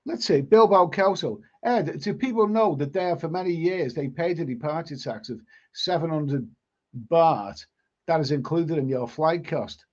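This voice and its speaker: A man's voice: on the high side, lively intonation, unhurried. Rambling man on a lo-fi stream. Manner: rambling, stumbles and repeats words. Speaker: live stream host reading chat. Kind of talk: casual live stream chat. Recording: lo-fi stream audio.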